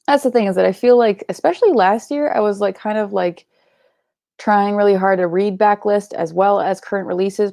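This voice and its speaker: Young woman, livestream book host, casual chatter, creaky low-set voice, dry close sound. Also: mellow, no echo. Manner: chatty, swears casually, many filler likes and ums. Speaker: book club live show host. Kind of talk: casual livestream chat reading comments.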